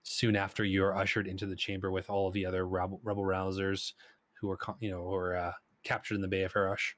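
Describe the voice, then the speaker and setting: Rambling low-voiced male game master. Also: dry recording. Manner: rambling, lots of fillers. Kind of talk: narrating a tabletop game.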